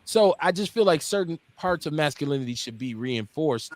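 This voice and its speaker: Slightly high-pitched and fairly quick, this Milwaukee talk radio host in his forties is heard in a dry recording. His casual show features blunt, profane, animated storytelling in which he acts out others' words.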